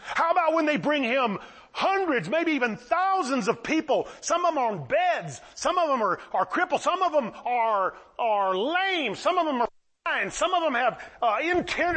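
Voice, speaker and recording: A man preaching a sermon, retelling stories with lively acted-out voices for the people in them. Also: very high-pitched. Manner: animated, acts out the people in the stories. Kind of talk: sermon, storytelling.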